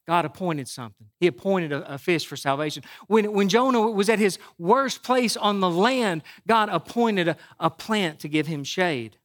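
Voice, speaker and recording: A man's voice: high voice, fairly bright tone. A man preaching a sermon as pastor, talking in a loose, conversational way with frequent restarts and "right?" to the congregation. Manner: conversational, repeats words, asks the crowd "right?".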